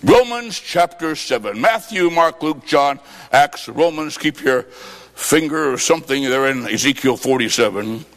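A man preaching a sermon, telling a story with acted dialogue and sudden shouts. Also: medium pitch, animated, measured pace. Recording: hall reverb.

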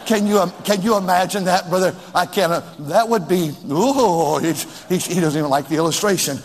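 A man preaching a sermon in a church, rising suddenly and drawing some phrases out slowly. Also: high-pitched, big-room sound, a little hiss or hum. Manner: preaching with sudden rises and drawn-out slow phrases.

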